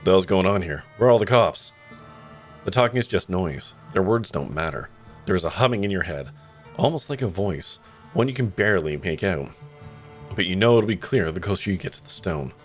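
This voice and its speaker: Over soft background music, a man with a low, lively voice speaks briskly as he plays a story game on stream. He reads the game text out loud, tossing in dry comments and curses as live let's-play commentary.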